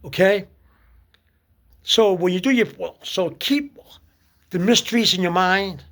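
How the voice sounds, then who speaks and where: A man giving casual spoken advice on prayer, halting often with fillers and restarts. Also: high-pitched, fairly bright tone. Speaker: speaker giving religious advice.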